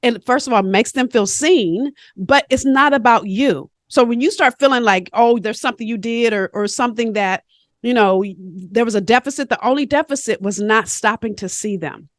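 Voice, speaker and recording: Higher-voiced woman, animated coach. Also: normal speed, dry recording, clean studio sound. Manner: animated, emphatic storytelling. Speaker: guest, coach and speaker. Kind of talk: podcast interview.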